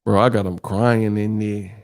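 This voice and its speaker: A man's voice: fairly low pitch, flat delivery, a little slow, no room sound, studio quality. A man hosting a live stream, ranting casually in a profane, exasperated way and laughing often. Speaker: streamer host.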